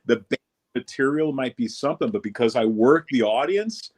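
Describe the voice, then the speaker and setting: A man's voice: mid-range voice, normal speed, darkish tone. A man, a comedian guest on a radio show, telling rambling stories in casual chat. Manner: rambling storytelling, acts out voices.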